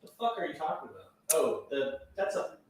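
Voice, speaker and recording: A man's voice: on the high side, very animated, a little fast. A man bantering casually with the host in a dry, teasing way. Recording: echoey room with faint noise.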